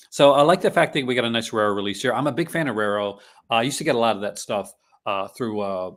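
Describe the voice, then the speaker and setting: A man hosting a casual chat about film releases, laughing often and clearing his throat. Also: medium pitch, a little fast. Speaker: channel host.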